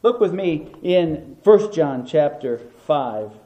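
Slow, emphatic preacher in an echoey room. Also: male voice, a little high, animated, warm tone, highs cut off. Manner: deliberate, emphatic, repeats words for stress. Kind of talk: sermon. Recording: roomy echo.

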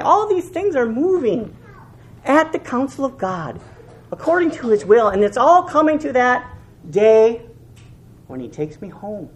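A male pastor delivers a fervent sermon, his voice rising to loud, emphatic peaks and dropping to hushed lows. His pitch moves constantly and expressively, with words repeated for emphasis. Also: big pitch swings, a little slow, slight background noise. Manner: repeats and restarts phrases for emphasis.

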